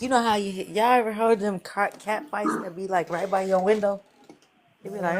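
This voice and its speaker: A man chatting casually on a video call from outdoors, loud and animated, full of slang, calling out to his cat. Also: high voice, normal speed. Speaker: caller in a group video chat. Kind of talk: casual chat.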